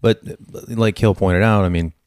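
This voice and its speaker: A man who supervises police detectives, a guest on a casual podcast, chatty and quick to agree. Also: on the low side, fairly even intonation, darkish tone, clear, resonant tone, no echo, studio quality.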